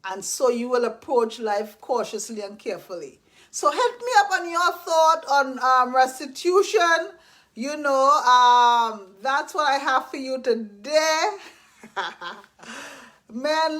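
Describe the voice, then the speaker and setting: A woman's voice: sits high, expressive, slow, fairly bright tone. A woman giving earnest, faith-based life advice in a casual talk, repeating herself and acting out apologies. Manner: earnest and repetitive, acts out apologies.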